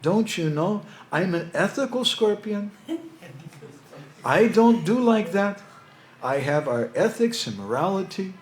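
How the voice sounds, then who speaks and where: A man voicing a sly, scheming male scorpion who pretends to be pious, in a high, wheedling, mock-innocent tone. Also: animated, unhurried, echoey room.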